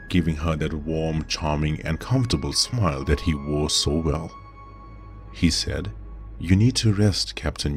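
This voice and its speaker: A man with an extremely deep voice narrates a dark fantasy horror story in a measured, dramatic way. Faint music runs under his reading.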